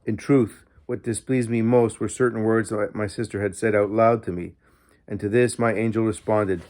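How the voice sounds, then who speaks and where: A man's voice: lowish voice, fairly even intonation, normal speed, a little mellow. A man narrating a diary in the first person, reading steadily and earnestly as an audiobook narrator.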